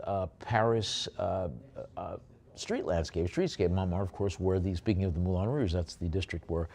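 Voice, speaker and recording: A man's voice: lowish voice, dark tone. A man working as an auctioneer, calling bids and describing artwork lots, with chatty, jokey asides between calls. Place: auction room.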